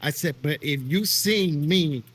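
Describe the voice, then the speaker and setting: Husky-voiced man, emphatic and plain-spoken, guest in a casual chat. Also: fairly high pitch, measured pace, a bit bright. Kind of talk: casual conversation.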